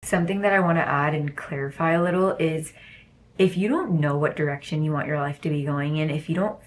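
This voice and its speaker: A woman's voice: sits low, steady tone, brisk. A young woman talking casually and effusively to camera about self-belief, rambling and repeating herself for emphasis. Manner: gushing, rambling, emphatic repetition. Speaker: self-development course creator. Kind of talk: casual motivational vlog.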